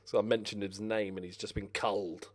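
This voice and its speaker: A young man casually commentating as he plays a football management game, excitable, swearing and shouting at the players on screen. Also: lowish voice, fairly quick. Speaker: gaming commentator. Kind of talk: casual let's-play commentary.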